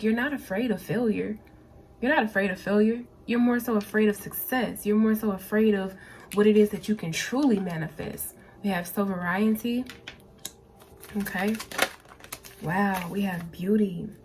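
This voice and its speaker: A woman's voice: mid-range voice, background noise. A woman giving a pick-a-card tarot reading, talking casually and directly to her viewers and often repeating her phrases. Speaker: tarot reader.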